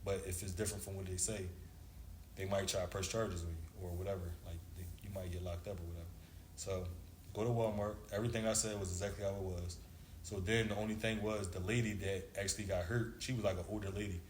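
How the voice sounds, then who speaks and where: A man's voice: sits low, fairly even intonation, fast. A man in his thirties, a former basketball player, telling a long story in a casual, slangy way and acting out the dialogue. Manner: laid-back slangy storyteller, acts out dialogue. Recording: echoey room with faint background noise.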